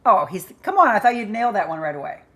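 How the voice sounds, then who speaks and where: Speaking fast and very animatedly in a mid-range voice, a woman runs a live chat stream. She stays upbeat and talkative while reading viewers' comments and names.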